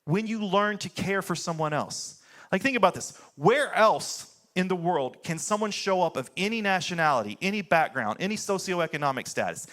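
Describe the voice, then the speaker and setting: A man's voice: sits high, fairly bright tone. An American pastor in his thirties preaching a sermon in a conversational way, often saying "like" and landing blunt points. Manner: conversational preaching, fillers like "like", swings into blunt punchlines.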